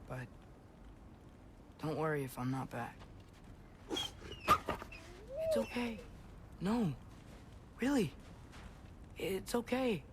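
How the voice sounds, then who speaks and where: An actor playing an earnest, gentle teenage boy in a game cutscene, soft-spoken and reassuring. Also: a little high, a little hiss or hum, heavily acted.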